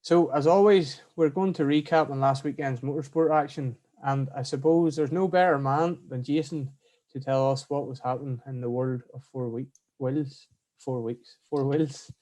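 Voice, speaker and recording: Podcast host linking segments. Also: male voice, mid-range voice, fairly even intonation, normal speed, darkish tone. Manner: friendly link-making, hands over to co-host. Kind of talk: casual podcast hosting.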